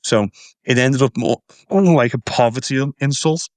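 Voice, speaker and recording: A man's voice: medium pitch, a little slow, no echo. A man from Liverpool with a Scouse accent, telling local history as a tour guide in a casual interview, enthusiastic and given to repeating words. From Liverpool, England.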